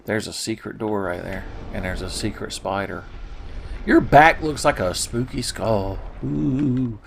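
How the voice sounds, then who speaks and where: A man's voice: lowish voice, measured pace, gravelly, slight background noise. A man giving casual, sarcastic commentary over his own gameplay, swearing often and cracking jokes. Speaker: gaming video host.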